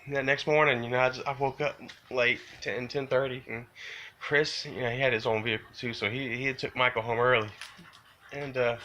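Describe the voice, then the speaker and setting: A man with a bright, forward voice recounts something he regrets, rambling and circling back on himself. He fills every pause with "you know" and "man". When the remorse surfaces, his pitch climbs and his voice strains. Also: little pitch movement, highs cut off, a little hiss or hum. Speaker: vlogger telling a personal story. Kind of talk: confessional storytelling to camera.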